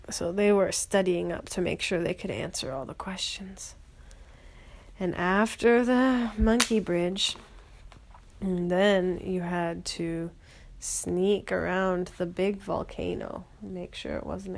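A woman telling a bedtime story in a gentle voice, sometimes dropping to a whisper. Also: on the low side, vocal fry, slight background noise.

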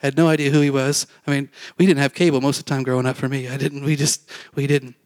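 A man's voice: mid-range voice, little pitch movement, quick pace, a little mellow, no echo. A man preaching a testimony, telling his story in a rambling, conversational way with fillers and acted-out quotes.

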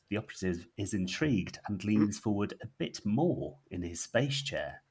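A man's voice: lowish voice, very animated, normal speed, hardly any pauses, slightly rough. A man co-hosting a comedy podcast, reading out his own comic sketch and laughing through it. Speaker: podcast co-host.

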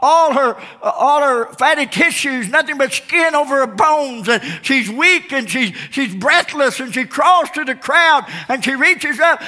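A male pastor preaching a sermon with dramatic storytelling, swinging between shouts and hushed tones. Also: extremely high pitch, a little slow, few pauses. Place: church sanctuary. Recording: reverberant church hall.

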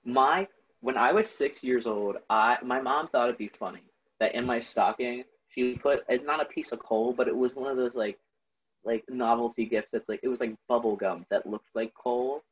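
A man's voice: mid-range voice, normal speed, husky, dull audio. A young man chatting casually on a podcast, earnest and full of fillers. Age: young adult. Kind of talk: casual chat.

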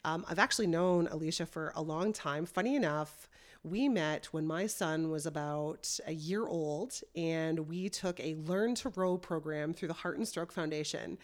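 Woman, podcast host, low-ish voice, congested and nasal with a cold, upbeat. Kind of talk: casual interview chat.

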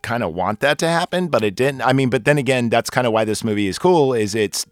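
A man chatting casually on a podcast, rambling through a film recap with crude jokes and plenty of fillers. His voice sits in a middle pitch, recorded dry and close with no room sound. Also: expressive, fast talker, no room sound. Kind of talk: casual chat.

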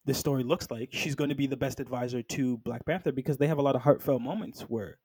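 A man in casual film talk, animated and chatty, often dropping into short impressions of characters. His voice sits in a middle register. It sounds dry and close, with little room around it. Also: mid-range voice, quick pace, slightly rough, no room sound. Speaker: podcast co-host.

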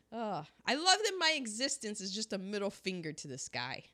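A woman chatting on a podcast with a sore throat. Her pitch swings widely as she talks, jumping up high when she gets excited. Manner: animated, rising to high exclamations. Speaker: podcast co-host. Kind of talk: casual chat about old movies.

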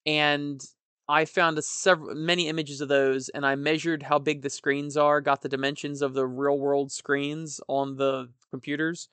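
A man's voice: fairly high pitch, flat delivery, a little slow, fairly bright tone, clean tone, dry recording. A man hosting his own podcast, chatting casually in a joking, rambling way and laughing at his own stories. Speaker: podcast host. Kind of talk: casual solo podcast chat.

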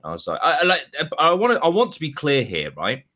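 A man, a podcast co-host, telling a story in casual chat, animated and swearing freely. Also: fairly high pitch, quick pace.

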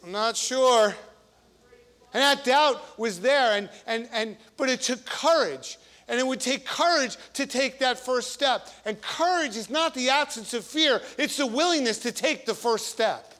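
A man's voice: extremely high pitch, a little slow, fairly bright tone. A man preaching a sermon as a priest, conversational and emphatic, with frequent repetitions and restarts.

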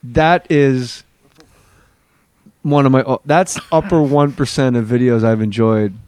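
A man's voice: mid-range voice, measured pace, darkish tone, slight background noise. A man guesting on a podcast, chatting playfully. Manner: playful, plugging his site. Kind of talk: casual comedic chat.

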